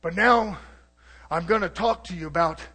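A man preaching a sermon, swinging from low murmurs to shouted declarations and calling out to the congregation for responses. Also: moderate pace, breathy edge.

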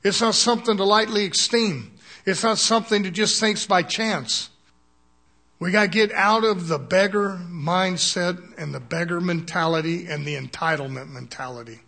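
An older male preacher with a notably high-pitched voice delivers a sermon. His talk is folksy and loose, broken by chuckles and frequent calls for an "Amen." He speaks as a plain-spoken pastor addressing his congregation. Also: moderate pace, creaky, sharp tone.

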